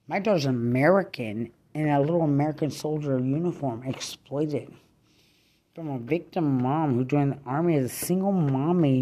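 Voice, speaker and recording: A woman's voice: low voice, measured pace, dark tone. A woman, a mother, in a furious rant, cursing and repeating threats over and over. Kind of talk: angry profane rant.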